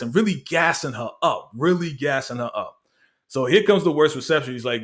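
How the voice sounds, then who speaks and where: Animated man recapping a TV episode. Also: mid-range voice, fairly quick. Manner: animated storytelling, acts out characters' lines, laughs often. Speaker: YouTube TV recap host. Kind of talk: casual recap and review.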